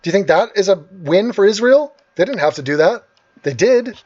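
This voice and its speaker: A man's voice: high-pitched, expressive, moderate pace, muffled recording, noisy background. A man hosting an angry, sarcastic and profane rant over video clips. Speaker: host.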